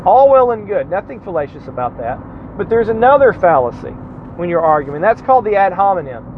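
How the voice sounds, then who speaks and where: A man with a high-pitched voice talks through a loose solo show from a car. He rambles, doubles back to correct himself, and tosses in dry asides. The sound is dull and lo-fi, with faint road noise behind him. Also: very animated, fairly quick. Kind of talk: casual monologue.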